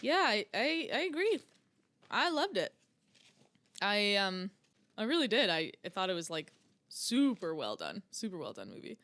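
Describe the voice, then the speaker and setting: Lively young woman podcast co-host. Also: medium pitch. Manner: enthusiastic, quick agreeing responses. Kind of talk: casual chat.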